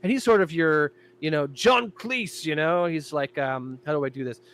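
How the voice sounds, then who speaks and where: Animated guest, man, slightly high voice, casual show-and-tell. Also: normal speed. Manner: animated, jumping into character voices. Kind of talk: casual podcast chat.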